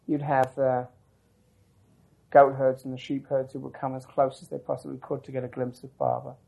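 A man recounting old memories in an oral-history interview, his voice sitting at an ordinary middle pitch. He wanders through the story with restarts and asides, reflective and unhurried. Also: monotone, vocal fry, warm tone, husky, poor audio.

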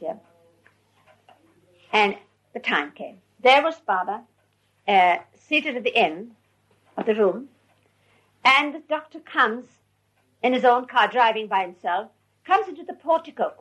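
A woman recounting her memories to an audience in an animated way, often laughing as she tells. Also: fairly high pitch, breathy edge, rough recording. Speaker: storyteller.

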